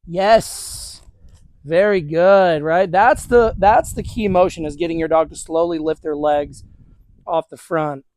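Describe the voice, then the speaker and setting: Out in the open, a man whose voice is notably high and darkish trains a dog on camera, coaching viewers casually and encouragingly. He speaks a little slowly. The sound is close and dry with no echo.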